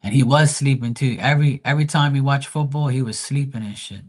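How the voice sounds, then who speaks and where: A man's voice: medium pitch, brisk, a little mellow. A man grieving, talking casually and profanely in a rambling livestream, often restarting his sentences. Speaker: tarot reader streamer.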